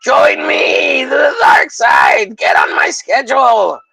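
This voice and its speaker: A man putting on the voice of a clingy, dramatic male friend, wailing and shouting in mock complaint. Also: wildly swooping pitch, slow pace, vocal fry, soft background music, heavily acted, low-quality recording. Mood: whiny dramatic. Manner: shrill, wailing, melodramatic.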